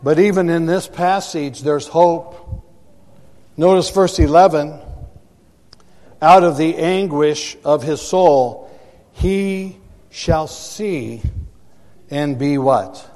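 A man's voice: on the high side, takes it slowly, long pauses, a little mellow, in a large hall. A man preaching a sermon to a congregation, emphatic and repeating words for effect, recorded in a church sanctuary. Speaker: pastor.

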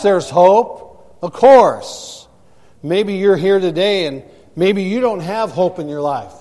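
A man's voice: high-pitched, darkish tone, big-room sound. A man preaching a sermon to a congregation, emphatic and repeating words for effect, recorded in a church sanctuary. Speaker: pastor.

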